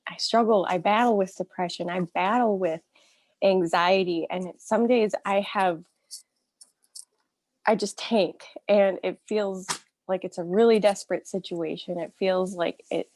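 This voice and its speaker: A woman's voice: lowish voice, unhurried, pauses often, no echo. A woman in her thirties giving a candid, conversational church message over a video call, laughing often between phrases. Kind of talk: personal testimony sermon.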